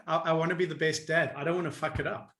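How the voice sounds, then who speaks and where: A man with a high voice speaks as a coach, lively and quick to laugh. He acts out inner voices as he explains his ideas. His voice rings with a roomy echo. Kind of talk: animated interview answers.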